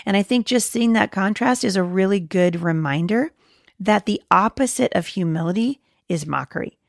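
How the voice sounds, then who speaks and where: A woman's voice: medium pitch, animated, moderate pace, creaky, dry recording, clean studio sound. A woman host giving an earnest devotional talk to moms, quoting scripture with frequent fillers and restarts. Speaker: podcast host teaching moms.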